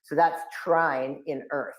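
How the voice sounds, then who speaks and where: A man's voice: fairly high pitch, slow pace. Roomy-sounding man in his fifties. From New England. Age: 50s. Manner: animated storyteller acting out quotes. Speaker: occult expert guest. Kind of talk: storytelling interview. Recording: roomy echo.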